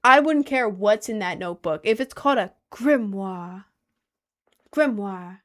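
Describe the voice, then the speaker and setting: A young woman streamer from Maryland talks casually to her live chat. She has a mid-range voice and gushes excitedly, with lots of rambling "like"s as she reads comments aloud. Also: mid-range voice, measured pace. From Maryland, United States.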